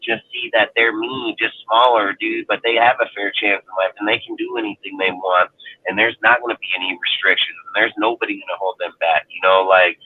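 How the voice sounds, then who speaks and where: A man's voice: lowish voice, fairly even intonation, brisk, slight background noise. Blunt, profane man on a tinny line. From Northern California. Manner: blunt, heavy swearing, filler "dude". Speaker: roundtable panelist. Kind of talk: casual storytelling. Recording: tinny phone-line audio.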